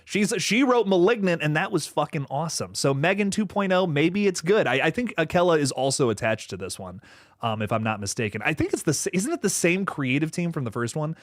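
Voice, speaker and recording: A man's voice: fairly high pitch, fairly quick, no echo, clean studio sound. A man hosting a casual livestream, reading viewer comments, rambling with frequent swearing and laughter. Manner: animated, rambling, swears freely, laughs often. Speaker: livestream host.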